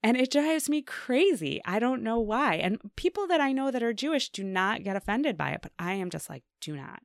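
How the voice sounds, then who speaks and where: A woman leading a casual discussion, speaking in an emphatic, animated way and reading out questions. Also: a little high, a little fast, dry recording, clean studio sound.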